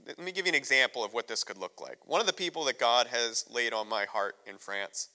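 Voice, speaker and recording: A visiting missionary from the United States preaches an emotional, openly personal sermon, telling stories with candor. His strikingly bright, mid-range voice moves fairly quickly. It rings through a church sanctuary with a long reverb.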